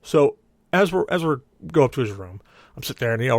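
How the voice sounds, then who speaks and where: A young man spins a rambling story on a podcast, his pitch swinging widely as he acts out what everyone said. The sound is dry and close, with no room around it. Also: fast talker, no echo. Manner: animated, voices others in quoted dialogue. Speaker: podcast co-host. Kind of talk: casual storytelling.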